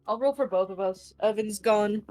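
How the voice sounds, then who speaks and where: A woman playing a tabletop game, arguing her character's case and quick to object. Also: mid-range voice, darkish tone, soft background music. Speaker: player. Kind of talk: casual tabletop role-play.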